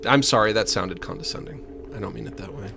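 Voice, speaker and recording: A man's voice: on the low side, quick pace, creaky, background noise. A man streaming a game, chatting casually and rambling to his viewers. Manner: rambling, chatty, self-deprecating. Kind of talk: casual let's-play chat.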